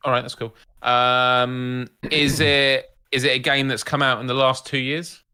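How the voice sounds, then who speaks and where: Bright-voiced easygoing co-host man. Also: medium pitch, flat delivery, a little slow, smooth. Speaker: podcast co-host. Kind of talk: casual livestream chat.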